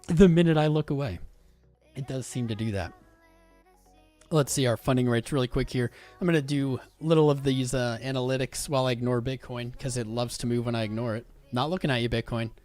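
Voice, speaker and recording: A man of middle pitch hosts a live trading stream in an easy, upbeat, chatty way, reacting to charts and reading comments aloud. Faint music plays softly behind his voice. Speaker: crypto livestream host.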